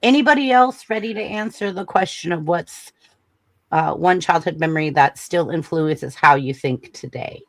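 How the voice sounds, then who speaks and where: A host of a live online talk show speaks at a middle pitch over a video call. The delivery is loose and chatty, leaning on "like" as a filler. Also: normal speed, no echo. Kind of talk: casual chat.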